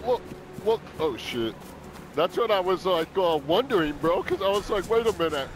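An excitable man with a high, lively voice, chatting loosely with a gaming buddy. He rambles through fillers and breaks into laughter often, with a faint hiss of noise behind him. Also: normal speed, poor audio. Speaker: gamer. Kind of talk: casual gaming chat.

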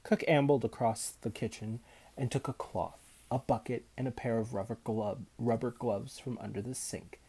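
A man reading a children's novel aloud in an unhurried, even storytelling manner. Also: medium pitch, slightly rough. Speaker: audiobook reader.

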